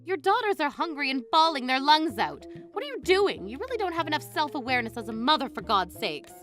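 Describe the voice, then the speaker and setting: A woman voicing a blunt, sharp-tongued mother-in-law in her fifties. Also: high voice, very animated, fast talker, faint music behind, voice pushed up. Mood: scolding. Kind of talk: scripted story narration.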